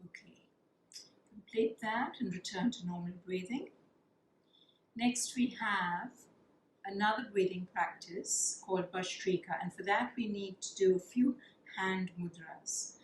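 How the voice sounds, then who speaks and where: A woman teaching a yoga class, guiding breathing practices in a calm, soothing way and counting the breaths. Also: mid-range voice, measured pace, slight background noise. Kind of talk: guided yoga breathing instruction. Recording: echoey room with faint ambience.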